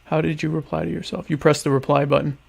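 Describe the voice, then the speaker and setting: A man's voice: a little high, level tone, fast talker, vocal fry, husky. A man hosting a casual solo livestream from home, rambling sarcastically and eating dinner while he talks. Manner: sarcastic, rambling, mock-grandiose. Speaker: podcast host. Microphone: webcam stream setup.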